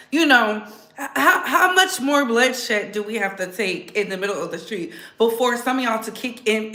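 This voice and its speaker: Female commentary streamer, emphatic and repetitive, bright edgy tone. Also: mid-range voice, roomy sound. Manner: animated, repeats phrases for emphasis. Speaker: commentary vlogger, channel host.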